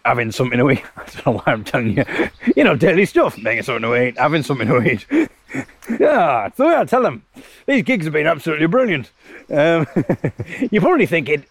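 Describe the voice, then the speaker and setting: A man hosting his podcast while out on a river walk, telling stories in a rambling, self-deprecating way and laughing often. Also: mid-range voice. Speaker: podcast host. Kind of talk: casual walking monologue.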